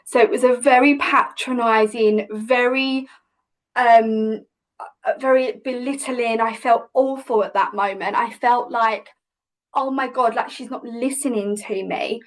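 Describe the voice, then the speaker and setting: A woman's voice: fairly high pitch, fairly even intonation, measured pace, rough recording. A woman, a podcast guest vividly retelling a personal story with many restarts. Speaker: podcast guest, hypnobirthing teacher.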